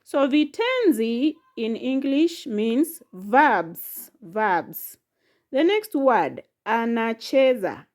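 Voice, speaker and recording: A woman teaching a language lesson, speaking slowly and patiently, repeating each word and sounding out its syllables one at a time. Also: on the high side, sing-song, darkish tone. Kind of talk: slow, patient classroom lesson.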